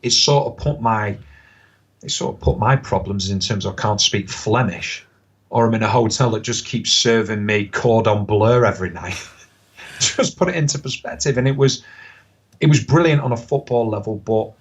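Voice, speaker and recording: Middle-aged male guest, slightly low and husky, animated storyteller, muffled podcast sound. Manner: animated anecdotes, quick bursts, laughs often. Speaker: podcast guest, football pundit. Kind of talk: casual storytelling chat. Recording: slightly dull lo-fi podcast audio.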